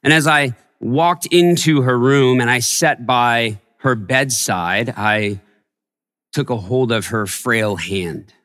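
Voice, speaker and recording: A man preaching a sermon as a pastor, telling a personal story and growing hushed in its tender parts. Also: medium pitch, slow, big-room sound. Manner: storytelling, softening to a hush in tender moments. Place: church sanctuary.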